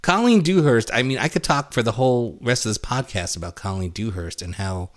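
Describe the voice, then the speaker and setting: Animated man giving opinionated chat. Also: mid-range voice, fairly quick. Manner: animated, opinionated, prone to swearing. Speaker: podcast co-host. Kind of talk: casual chat.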